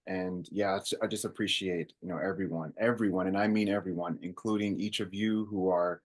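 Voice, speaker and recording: Male moderator, lower pitch, affirming, filler-heavy delivery. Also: fairly even intonation, brisk. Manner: warm affirmations, many fillers. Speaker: host. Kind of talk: moderating a panel conversation.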